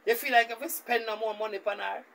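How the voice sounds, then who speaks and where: High-voiced Jamaican man telling a story. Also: fast talker, vocal fry, slight background noise, low-quality recording. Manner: animated, speaks in Jamaican Patois. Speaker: reaction video host. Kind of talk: storytelling commentary.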